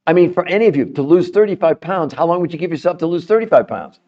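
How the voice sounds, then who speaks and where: A man's voice: on the high side, quick pace, highs cut off. A middle-aged man hosting a health podcast, talking straight to viewers in an emphatic, persuasive way. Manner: emphatic, rising more animated as he goes. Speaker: podcast host. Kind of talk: promotional health talk to viewers.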